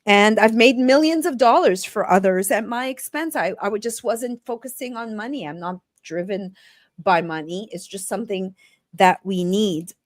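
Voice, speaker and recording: A woman's voice: medium pitch, normal speed, no room sound, studio quality. A woman hosting a podcast interview, talking in a chatty, loose way with frequent restarts. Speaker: podcast host. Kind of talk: casual interview chat.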